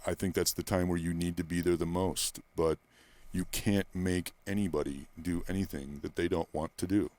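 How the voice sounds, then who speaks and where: A male personal trainer in a candid interview, talking bluntly and profanely and rambling through stories, close to the microphone in a quiet room. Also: deep voice, fairly even intonation, normal speed, few pauses.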